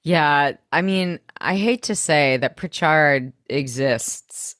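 A young woman co-hosting a podcast, sarcastic and lively as she mocks the characters in a casual recap. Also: sits low, slow pace, no room sound, clean studio sound. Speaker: podcast co-host.

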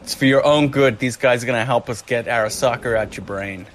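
A man's voice: mid-range voice, brisk, a little hiss or hum, natural voice. A man voicing a blunt male soldier who turns on his team and gives firm, insistent commands.

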